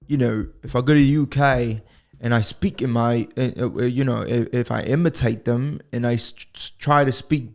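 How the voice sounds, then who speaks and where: A man's voice: mid-range voice, fairly even intonation, moderate pace. An American man hosting a solo podcast from home, talking alone into a microphone in a rambling, profane, joking way. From United States. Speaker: podcast host. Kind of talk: casual solo podcast monologue.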